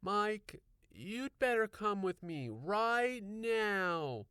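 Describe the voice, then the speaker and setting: A man voicing a fussy middle-aged wife with a shrill, scolding falsetto for an audiobook. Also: slow, smooth, dry recording, clean studio sound.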